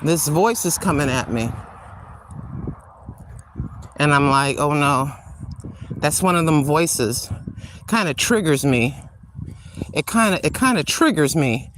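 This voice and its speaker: A woman's voice: deep voice, expressive, slow, long pauses, a little hiss or hum. An older woman hosting a casual livestream while walking outdoors on a street, chatty and rambling, laughing often as she digresses. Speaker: livestream host.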